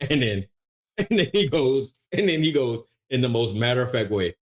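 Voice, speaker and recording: A middle-aged man, a veteran and media producer, telling a lively story as a podcast guest, often restarting his sentences as he goes. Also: mid-range voice, normal speed. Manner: animated, lively anecdote telling with frequent restarts. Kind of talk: casual storytelling in an interview.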